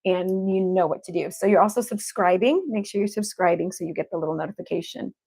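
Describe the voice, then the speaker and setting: A woman's voice: on the low side, fast talker, vocal fry, a little mellow, breathy edge. A woman, an evidential medium, chatting casually and effusively with viewers as she hosts a livestream. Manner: effusive and upbeat, repeats affection to the audience.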